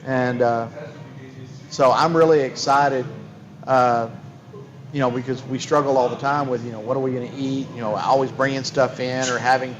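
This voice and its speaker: This lounge host has a medium-pitched, steady voice at a moderate pace, heard against a noisy background with the highs cut off. He rambles through his stories in casual chat, full of enthusiasm and frequent restarts.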